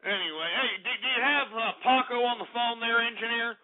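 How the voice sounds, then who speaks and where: A man hosting a call-in radio show, ranting loudly and brashly and swearing often. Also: very high-pitched, a little fast. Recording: narrow phone-like radio sound with faint music.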